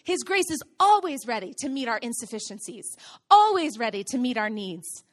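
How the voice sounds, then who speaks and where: Woman pastor, high voice, earnest sermon, emphatic repeats. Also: very animated, moderate pace. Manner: earnest, builds to emphatic repetition.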